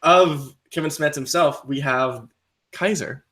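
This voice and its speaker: A man's voice: on the high side, slow, over a noisy crowd. A man hosting a casual podcast, easygoing and joking. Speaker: podcast host.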